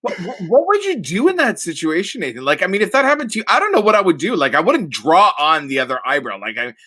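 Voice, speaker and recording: A man's voice: high voice, wildly swooping pitch, quick pace, bright, forceful tone. A man co-hosting a podcast, joking with the guest and exclaiming at her story. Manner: playful, exclaiming. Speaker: podcast co-host. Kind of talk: casual chat.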